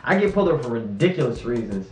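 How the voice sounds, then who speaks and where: A Raleigh man in his twenties, a student activist, speaks in an interview with a mid-range, darkish voice that is sing-song and rapid-fire. His words are candid and emphatic, charged with frustration and passion. The poor-quality audio is reverberant, with soft music in the background.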